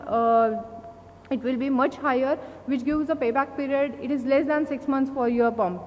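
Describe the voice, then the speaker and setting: Indian woman, high pitch, halting conference presenter, reverberant hall with faint hiss. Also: darkish tone. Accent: Indian English. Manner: halting, many fillers and restarts. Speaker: company speaker at an industry event.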